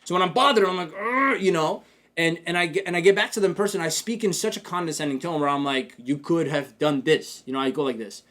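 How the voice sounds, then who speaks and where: Fast-talking man hosting a business podcast. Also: sits high. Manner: energetic, talks to listeners directly with frequent "man" and "check this out"; acts out his own inner dialogue in quoted asides. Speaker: podcast host and business coach. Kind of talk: casual podcast talk.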